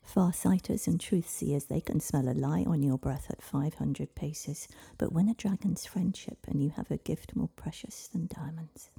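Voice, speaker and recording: A woman's voice: sits low, a little slow, gravelly, hardly any pauses, warm tone, breathy edge, whispered, heavily acted. A woman voicing a wise old grandmother. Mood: storytelling.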